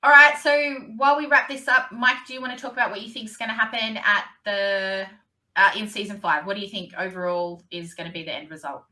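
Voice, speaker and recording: Female co-host, bright and reactive, easy sympathy. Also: medium pitch, rough recording. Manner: reactive, quick to laugh and sympathize. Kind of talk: casual podcast chat.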